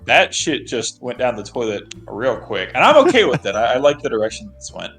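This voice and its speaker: A man co-hosting an anime review podcast, chatting casually with animated, joking banter. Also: mid-range voice, brisk, soft background music.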